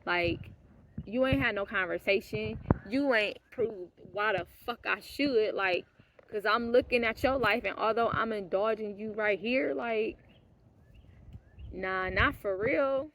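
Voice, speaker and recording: Speaking a little slowly with a medium pitch, this vlogger recounts a personal story bluntly and with profanity. She shifts from hushed asides to heated outbursts and occasionally laughs mid-sentence in the casual monologue.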